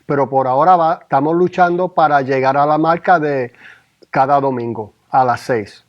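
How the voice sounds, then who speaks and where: Male co-host, Spanish accent, playful quips, somewhat high voice. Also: brisk, dull audio. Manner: joking, teasing interjections. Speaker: podcast co-host. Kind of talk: casual chat.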